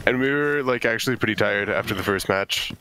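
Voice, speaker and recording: A man joining a gaming stream as a guest player, explaining things in a relaxed way. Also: on the low side, brisk, noisy background. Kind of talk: casual stream chat.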